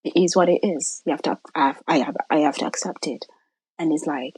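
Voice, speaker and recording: A woman's voice: low-pitched, a little fast, a little mellow, slightly rough, dry recording, low-quality recording. A woman guest telling a personal story, acting out quoted voices and dropping to near-whispers.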